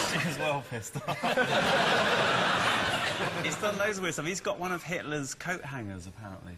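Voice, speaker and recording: A man's voice: on the high side, big pitch swings, slow pace, pauses often. A man chats on a comedy panel, his voice bouncing up and down as he rambles through odd stories. The audio carries heavy noise. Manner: rambling, playful anecdotes. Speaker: team captain. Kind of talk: casual panel banter.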